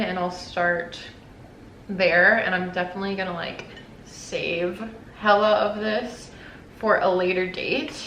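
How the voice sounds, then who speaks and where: Bright-voiced young woman chatting while eating. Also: mid-range voice. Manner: chatty, eats while talking, swears casually. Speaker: YouTuber. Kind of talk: casual mukbang chat. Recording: roomy echo, faint background noise.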